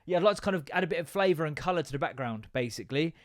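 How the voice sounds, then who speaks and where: A man's voice: a little high, lively intonation, racing, no echo, clean studio sound. A tired man, rambling through a self-mocking solo podcast. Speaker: podcast host. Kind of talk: casual solo podcast chat.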